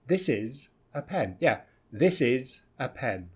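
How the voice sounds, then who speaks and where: A British man teaches English pronunciation, slowing down to model each sound with exaggerated, deliberate enunciation. His voice has a slightly husky edge, and his pitch swings widely as he stresses words. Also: very animated. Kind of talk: pronunciation lesson.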